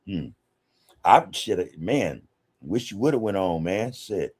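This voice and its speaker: Deep-voiced man hosting a casual livestream. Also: sing-song, unhurried, husky. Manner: loose, slangy, addresses viewers directly with frequent "man" and "you know". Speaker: podcast host. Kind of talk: casual livestream chat, reading viewer comments.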